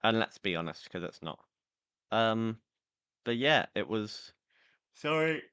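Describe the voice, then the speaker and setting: A man's voice: fairly low pitch, a little slow, bright, forceful tone, clear, resonant tone. A tired man hosting a casual football chat podcast, rambling and opinionated, with fillers and restarts. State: tired, yawning. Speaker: podcast host.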